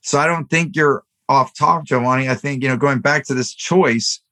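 A middle-aged man hosting a podcast tells a personal story in an earnest, motivational way, filling his speech with plenty of fillers. His medium-pitched voice is pushed and bright, moving at normal speed in this casual conversation.

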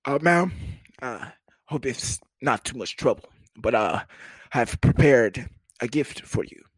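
A man putting on an exaggeratedly deep, formal and polite voice as a young suitor trying to impress. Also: lively intonation, takes it slowly, slightly rough, dry recording. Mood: stiffly polite. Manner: stiff, exaggeratedly proper and courteous.

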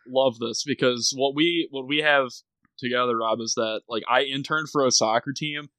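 Relaxed, chatty man, dry sound. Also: medium pitch, moderate pace, no echo. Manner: relaxed storyteller, many "like" fillers. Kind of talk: casual group chat.

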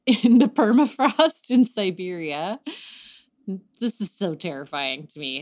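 A woman hosting a podcast in casual chat, emphatic and exasperated. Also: fairly low pitch. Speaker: podcast host.

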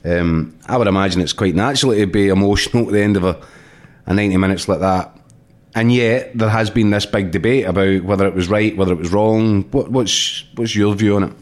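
A man hosting a football discussion, asking probing questions in a measured way. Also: lowish voice. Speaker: show host. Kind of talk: radio-style football discussion.

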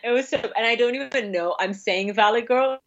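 A woman's voice: on the high side, brisk. A woman in her twenties with a British accent, chatting casually and laughing often as a podcast guest. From Britain. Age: 20s. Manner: giggly, chatty. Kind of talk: casual chat. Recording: muffled lo-fi audio.

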